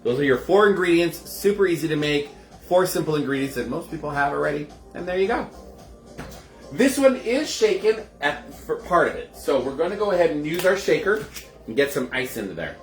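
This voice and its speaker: A man's voice: fairly high pitch, animated, fairly quick, soft background music. A man hosting a casual home cocktail show, chatting straight to his viewers. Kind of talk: casual live cocktail demo. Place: indoors at home. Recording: roomy echoey room.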